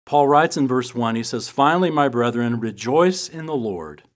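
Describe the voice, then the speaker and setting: A middle-aged man teaching from the Bible, telling personal stories in a relaxed, humorous way. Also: medium pitch, moderate pace. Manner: conversational storytelling with humor.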